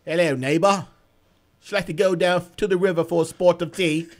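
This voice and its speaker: Man doing a higher-pitched, mannered posh gentleman, comic. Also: steady tone, normal speed, close to an everyday voice. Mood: genteel. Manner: affected, mannered politeness.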